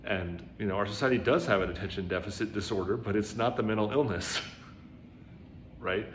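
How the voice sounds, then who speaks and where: At normal speed and a fairly low pitch, a man gives a relaxed Zen dharma talk, often tagging on "right?" or "you know." He acts out quoted dialogue by raising his voice, and faint background noise and roomy echo fill the recording.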